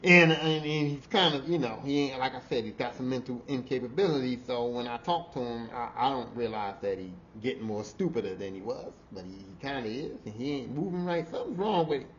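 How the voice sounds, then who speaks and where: A man, a podcast host telling casual work stories in a profane, animated way, laughing and swinging from low mutters to loud outbursts. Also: fairly quick, hardly any pauses. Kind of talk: casual storytelling. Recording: slightly dull audio with faint noise.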